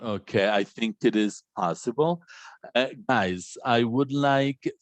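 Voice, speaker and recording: A Colombian man, a native Spanish speaker, hosting an online academic discussion in English in a reflective, halting way. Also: medium pitch, dry recording. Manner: reflective, halting, many restarts. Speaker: conversation host. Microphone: video call.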